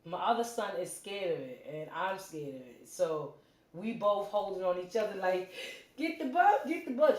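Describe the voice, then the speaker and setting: A middle-aged woman hosting a livestream from her home, telling a story in a casual, animated way and acting out the quotes. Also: fairly low pitch. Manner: animated, acts out quotes, quick asides. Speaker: livestream host. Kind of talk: casual storytelling to a live chat. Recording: roomy echo.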